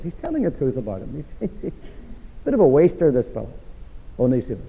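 A man with a fairly high voice preaches a sermon, firing rhetorical questions at the congregation and swinging between loud stresses and quiet asides. His voice rings through a large hall with a long echo. The sound is thin and tinny, like a phone line. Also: very animated, fairly quick, creaky, pauses often, slightly rough.

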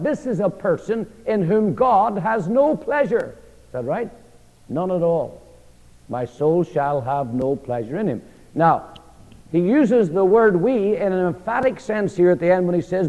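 A man teaches a Bible study in a sermon style. He asks his listeners questions, answers them himself, and drives key phrases home by repeating them with a falling finish. His voice is mellow and somewhat high, captured on a dull, lo-fi recording with a long hall echo.

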